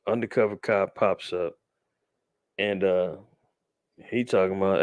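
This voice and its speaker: Male host, low voice, loose street-slang news commentary, dry sound. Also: fairly even intonation, a little slow, long pauses, clean tone, no room sound. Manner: loose, conversational, restarts and slang. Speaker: podcast host.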